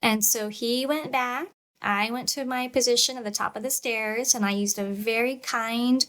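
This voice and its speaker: A woman and parent giving a calm, measured lecture on parenting, acting out what a parent might say. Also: fairly high pitch. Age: adult parent. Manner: calm, measured, demonstrates parent scripts aloud.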